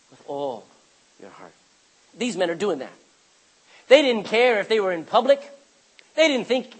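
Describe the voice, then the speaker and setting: A middle-aged man preaching a sermon as pastor, swinging from quiet asides to sudden loud cries. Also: extremely high pitch, slightly rough, poor audio.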